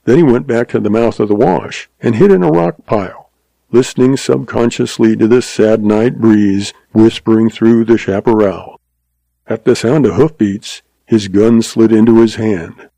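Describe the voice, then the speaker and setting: A man narrating a pulp western audiobook in a steady, dramatic storytelling manner. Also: lowish voice, normal speed, gravelly, dry recording, rough recording. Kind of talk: scripted narration.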